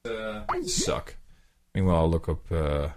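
A man's voice: low-pitched, a little slow. A man co-hosting a podcast, joking around while he reads listener notes. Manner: joking, lively, breaks into mock singing. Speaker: podcast co-host. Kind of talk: casual banter reading listener notes. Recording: remote call line, drops in and out.

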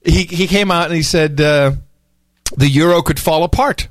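A man hosting a casual talk show, joking and animated, tossing in mocking impressions. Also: on the high side, normal speed, dry recording. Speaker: podcast host. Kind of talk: casual chat.

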